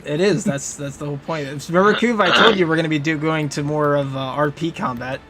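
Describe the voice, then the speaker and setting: A man's voice: a little high, quick pace, music in the background. A man narrating combat as game master on an online voice call, loose and playful with fillers.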